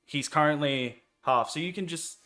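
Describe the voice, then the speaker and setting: A man with an Australian accent narrating a tabletop game as game master in a relaxed, rambling way, often laughing. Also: on the high side, moderate pace.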